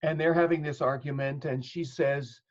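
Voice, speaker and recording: A man with a somewhat high voice, fairly even intonation, and normal speed appears as a psychotherapist guest in an interview. He explains patiently, building points through examples and acting out bits of dialogue, and the audio is dull and lo-fi.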